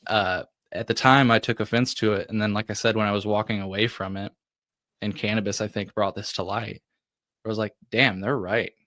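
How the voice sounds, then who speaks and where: A man's voice: fairly low pitch, steady tone, fairly quick, a bit bright, dry recording. A male podcast host telling a personal story in a casual, rambling way, full of "like" and restarts. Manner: rambling, heavy use of "like", frequent restarts.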